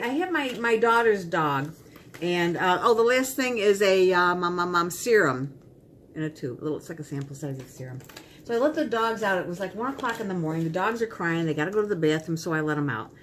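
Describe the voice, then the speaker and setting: A woman's voice: mid-range voice, a bit bright, slight background noise. A middle-aged woman chatting casually as she unboxes and tries on makeup, rambling and talking to herself. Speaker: beauty vlogger.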